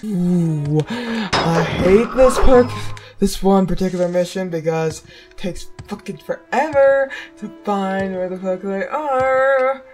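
A woman's voice: medium pitch, lively intonation, slow pace, music in the background. A woman streamer playing a role-playing game, swearing and muttering irritably at enemies as she plays. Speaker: gameplay streamer. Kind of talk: profane let's-play commentary.

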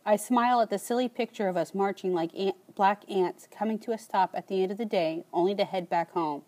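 A woman narrating an audiobook in a calm, measured first-person reading. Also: medium pitch.

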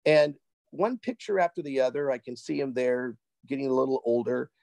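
A man as an interview guest, telling a personal travel story in an animated, casual way and often repeating words as he gets excited. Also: mid-range voice, normal speed, creaky, no echo, low-quality recording.

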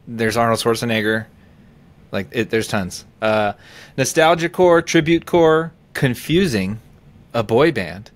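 A man co-hosting a casual podcast, talking in a relaxed, rambling way. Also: lowish voice. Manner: relaxed, rambling, reads out loud haltingly. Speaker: podcast co-host. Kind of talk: casual chat.

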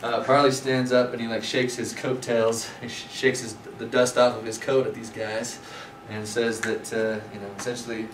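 A man's voice: medium pitch, little pitch movement, moderate pace, few pauses. Male scripture teacher with a mid-range voice and a casual storytelling delivery, recorded from a distance in a roomy space with background noise. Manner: conversational storytelling with fillers. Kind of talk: scripture class lecture. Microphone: far from speaker. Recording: roomy, distant, noisy room.

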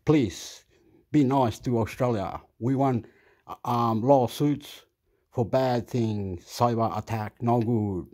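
A man's voice: medium pitch, slow, darkish tone. A man giving rambling, crude commentary over a news clip, swearing often and slipping into Spanish. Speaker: video commentator.

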